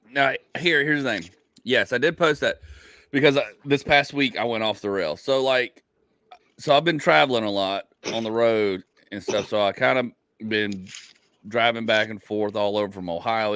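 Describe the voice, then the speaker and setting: A man, a comedian and podcast host, telling a rambling story in casual chat. He laughs at his own stories and his voice jumps up in pitch. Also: fairly bright tone, clear, resonant tone, no room sound.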